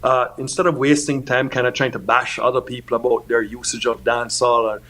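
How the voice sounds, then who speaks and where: A man's voice: medium pitch, level tone, a little fast, pushed and bright. Easygoing man filling in with "you know". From Jamaica. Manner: easygoing, peppered with "you know what I mean". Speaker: music producer guest. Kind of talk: casual interview answers.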